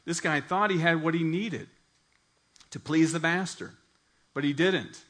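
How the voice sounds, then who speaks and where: A man preaching a sermon as pastor, telling a personal story in an earnest, animated way. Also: a little high, a little slow.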